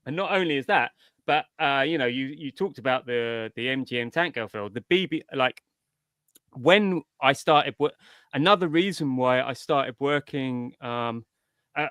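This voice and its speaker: A man's voice: mid-range voice, moderate pace, bright, forceful tone, clear, resonant tone, no echo. A middle-aged man, a comics writer, in a casual interview, telling his story in a rambling, digressive way.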